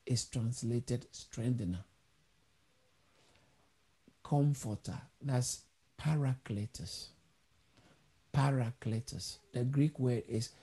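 A man's voice: mid-range voice, warm tone, slightly rough. A man preaching a sermon, explaining word roots step by step in a teaching manner. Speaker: pastor.

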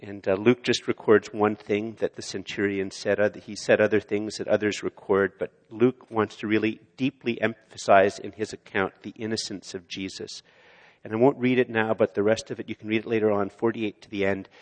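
A man preaching a sermon in a church, swelling loud on key lines and dropping low and quiet on others. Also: little pitch movement, normal speed. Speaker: pastor. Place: church sanctuary. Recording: long hall reverb of a church.

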